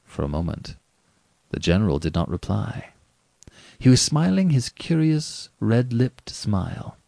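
A man narrating a story aloud in an expressive, varied delivery. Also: fairly low pitch, a little slow, gravelly, no room sound, studio quality. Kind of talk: audiobook reading.

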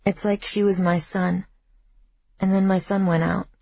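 A woman reading a first-person audiobook in a measured, reflective way, with a husky voice. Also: medium pitch, flat delivery, warm tone, muffled recording. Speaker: audiobook narrator.

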